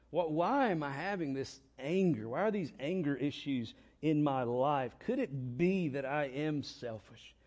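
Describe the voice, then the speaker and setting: A man's voice: a little high, a little mellow. A man preaching a sermon, repeating key lines and asking rhetorical questions. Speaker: pastor. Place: church.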